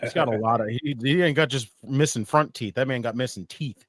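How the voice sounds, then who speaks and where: A man co-hosting a casual podcast watch party, joking loudly and crudely and slipping into put-on voices. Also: mid-range voice, fairly quick, dry recording, studio quality. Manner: loud, joking, crude, puts on voices for bits. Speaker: podcast co-host.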